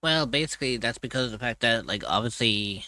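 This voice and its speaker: A man's voice: medium pitch, expressive, a little fast, pushed and bright. A man streaming live, chatting casually. He is tired and groggy, and he rambles loosely and swears now and then.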